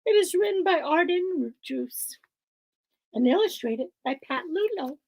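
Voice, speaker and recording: A woman teacher reading a picture book aloud to children, playful and animated, often dropping into whispers. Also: very high-pitched, a little slow, gravelly.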